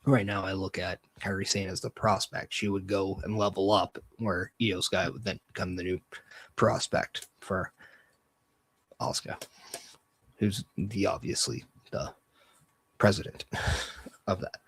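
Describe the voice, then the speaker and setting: A man with a fairly low voice hosts his own podcast, talking loosely and with energy. He gives pointed opinions and picks up speed when something gets him going. The sound is close and dry, with no room around it. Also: measured pace, long pauses, breathy edge, no echo. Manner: energetic, opinionated, loose fantasy-booking talk. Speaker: podcast host. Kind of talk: casual solo commentary.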